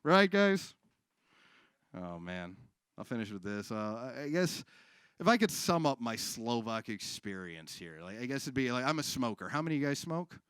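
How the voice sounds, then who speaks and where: A man doing stand-up on a live stage, with deadpan delivery and frequent crowd work. His pitch moves a lot, rising and dropping within each bit. The sound is dry and close. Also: normal speed, smooth, dry recording. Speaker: stand-up comedian. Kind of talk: stand-up comedy set.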